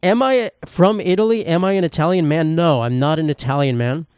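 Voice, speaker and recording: A young man with a New Jersey accent talks through his solo podcast in a loose, rambling way, swearing freely and laughing at himself. His voice sits a little high and comes across smooth and crisp. The close mic in a small room leaves almost no reverb. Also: a little fast, darkish tone. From United States. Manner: rambling, profane, self-mocking. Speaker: podcast host. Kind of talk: casual solo podcast chat.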